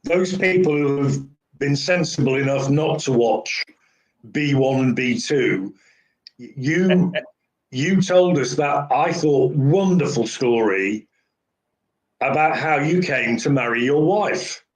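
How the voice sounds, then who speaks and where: A man's voice: mid-range voice, takes it slowly. A male interviewer asking questions in a courteous, effusive manner. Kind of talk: conversational interview. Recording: echoey room.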